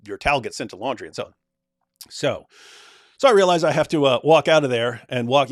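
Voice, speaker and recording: A man's voice: medium pitch, no echo. Chuckling, rambling man with a dry sound. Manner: rambling, chuckling, many restarts. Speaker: live stream host. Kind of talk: casual storytelling and reading comments.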